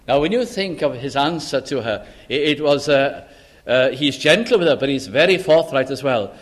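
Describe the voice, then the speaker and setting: A man preaching a sermon in a slow, deliberate and emphatic way, with dramatic pauses. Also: medium pitch, sing-song.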